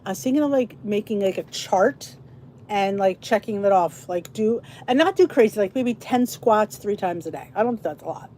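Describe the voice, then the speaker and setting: A woman's voice: mid-range voice, lively intonation, normal speed, warm tone, slight background noise. A middle-aged woman hosting a casual livestream, chatting in a rambling, tired-sounding way to her viewers. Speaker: livestream host. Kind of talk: casual chat to a live audience.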